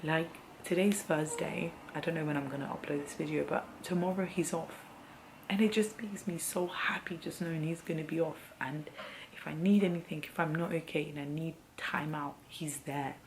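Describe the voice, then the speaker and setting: Low gravelly-voiced young woman, emotional. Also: fairly even intonation, moderate pace, slight background noise, rough recording. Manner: heartfelt, rambling, emotional. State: teary, emotional. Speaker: vlogger. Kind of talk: candid personal vlog.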